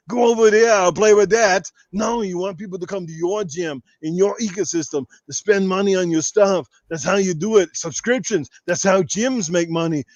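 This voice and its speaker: A man's voice: sits high, no echo, dull audio, natural voice. A man doing a brash bodybuilder impression. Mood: boastful. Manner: brash, boastful, rambling, trash-talking. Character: boastful muscle-bound Austrian bodybuilder, adult man. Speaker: podcast guest doing an impression. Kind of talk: comedic impression in podcast chat.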